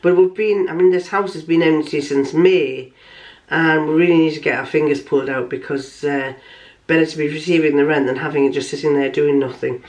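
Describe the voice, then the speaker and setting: A woman's voice: low-pitched, steady tone, fairly quick, darkish tone. An older woman vlogging, chatting casually in a rambling way with many restarts. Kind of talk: casual chat.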